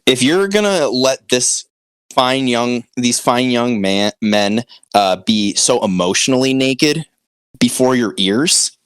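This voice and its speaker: Young male co-host, low voice, close dry mic, profane mock-furious rants. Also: clear, resonant tone, dry recording. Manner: profane, mock-angry rants with big pitch swings. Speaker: podcast co-host. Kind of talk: crude comedic podcast banter.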